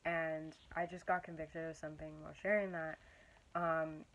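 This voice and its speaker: A young woman with a deep, slightly bright voice speaks at a moderate pace with flat delivery on a rough recording. A Christian vlogger, she talks casually and earnestly to camera about her faith, encouraging viewers while rambling and searching for words with many fillers.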